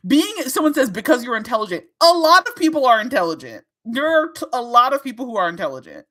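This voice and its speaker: A woman hosting her own livestream, talking straight to her chat in a casual, animated way, laughing often and swearing freely. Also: fairly high pitch, quick pace. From Minnesota. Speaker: livestream host.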